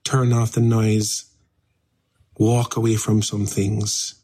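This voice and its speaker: A man's voice: lowish voice, slow. A man, a pastor and radio guest, earnestly urging listeners to draw closer to God. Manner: earnest, steady preaching.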